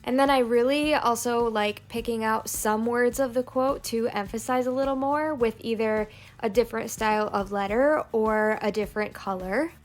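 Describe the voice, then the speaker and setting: A woman narrating a plan-with-me planner video, calmly explaining each crafting step. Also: fairly high pitch, normal speed. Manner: calm step-by-step crafting walkthrough. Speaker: planner vlogger. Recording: soft background music.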